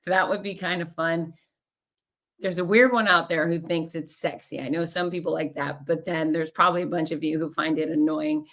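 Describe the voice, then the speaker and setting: A hoarse woman with a husky, raspy voice hosting her podcast in a bubbly, rambling chat, laughing often. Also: deep voice, fairly even intonation, normal speed, a bit bright. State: hoarse after race announcing. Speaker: podcast host and race announcer. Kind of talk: casual chatty monologue.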